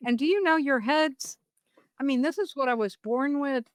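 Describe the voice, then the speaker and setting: A woman's voice: high-pitched, normal speed, dry recording, clean studio sound. A middle-aged woman co-hosting a podcast in casual chat with a friend, laughing often and telling stories with animation. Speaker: podcast co-host.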